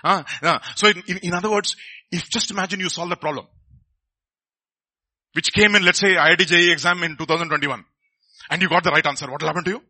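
A man's voice: high voice, steady tone, quick pace, pauses often, bright, forceful tone. A middle-aged man, preaching a sermon in a conversational way and often asking the congregation questions.

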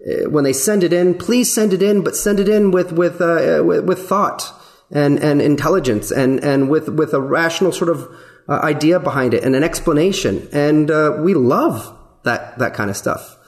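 A man who produces a podcast, speaking earnestly and in a measured way, with many ums and repeated words. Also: a little high, a little mellow. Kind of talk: casual podcast discussion.

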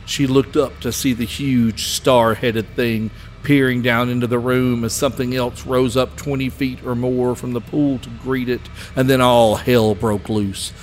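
A man narrating a scripted story with steady, even pacing. His voice sits in a mid range, and a faint hiss lies underneath. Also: mid-range voice, measured pace, few pauses.

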